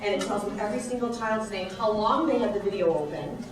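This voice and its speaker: A woman teacher giving a chatty presentation with quick asides. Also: mid-range voice, noisy background. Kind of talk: classroom presentation. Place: presentation room. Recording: echoey room, far from the mic.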